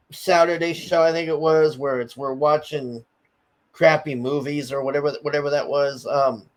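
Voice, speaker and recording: A man with a somewhat high-pitched voice rants in a loose, conversational way. He swears often and stammers through restarts, and he tells the story with blunt, heated energy. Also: rough recording. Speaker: commentary streamer. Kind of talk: casual ranting story.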